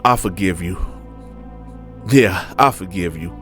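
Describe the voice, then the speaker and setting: A man's voice: deep voice, takes it slowly, a bit bright, faint music behind. A man voicing a bitter, vengeful son who talks in a coarse, menacing, slangy way.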